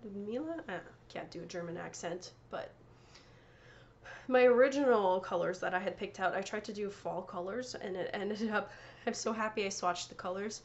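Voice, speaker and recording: A woman's voice: mid-range voice, moderate pace, muffled recording. A woman hosting a knitting podcast, chatting casually and showing off her yarn and prizes, often correcting herself and laughing. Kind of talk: casual show-and-tell chat.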